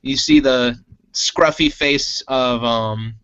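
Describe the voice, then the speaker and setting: A man narrating a tabletop role-playing game as game master, unhurried and full of ums and uhs. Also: mid-range voice, a bit bright, smooth, lo-fi sound. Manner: unhurried, filler-heavy narration.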